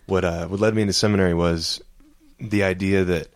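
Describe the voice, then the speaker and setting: A man from Alabama, a seminarian, answering earnestly and a little haltingly on a podcast. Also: deep voice, fairly even intonation, dry recording. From Mobile, Alabama. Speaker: seminarian guest.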